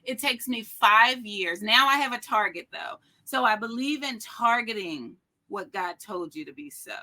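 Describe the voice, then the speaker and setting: A middle-aged woman guest telling an inspirational personal story with an animated, emphatic, preacherly delivery. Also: fairly high pitch, a little slow. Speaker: podcast guest.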